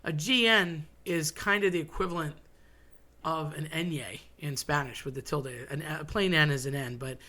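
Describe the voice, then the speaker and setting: A man talks in a loose, chatty monologue, wandering into side stories and wry asides. His voice sits a little high for a man. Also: moderate pace, bright, forceful tone. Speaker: host. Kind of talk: casual monologue.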